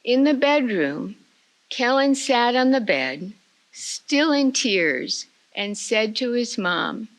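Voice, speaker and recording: An older woman giving a retreat talk, telling a family story in a slow, measured way. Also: a little high, very animated, poor audio. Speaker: retreat speaker.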